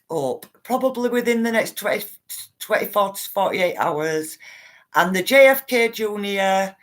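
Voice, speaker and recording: A woman's voice: on the low side, fairly bright tone. A woman, talking straight to her viewers on a casual live stream and reading out their comments in a blunt, emphatic way. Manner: blunt, emphatic, repeats herself for stress; addresses viewers directly.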